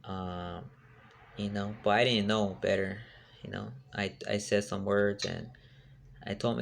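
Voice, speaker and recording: Young guy rambling thru a story, low gravelly voice, lots of slang and fillers, faint hiss behind. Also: fairly even intonation, normal speed. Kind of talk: casual storytelling.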